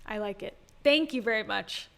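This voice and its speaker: A woman's voice: mid-range voice, moderate pace, gravelly, a bit bright. A woman giving casual livestream commentary on a podcast, chatty and exasperated, reading viewer comments aloud.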